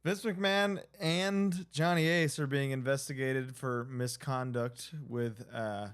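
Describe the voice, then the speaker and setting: A man's voice: mid-range voice, fairly even intonation, takes it slowly, clean tone. A young man co-hosting a casual wrestling chat, rambling with frequent restarts. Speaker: co-host.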